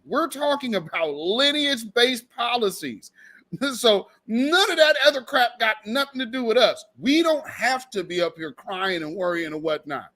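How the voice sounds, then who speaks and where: High-voiced man ranting bluntly. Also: normal speed. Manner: blunt, animated, profane. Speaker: host. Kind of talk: casual commentary.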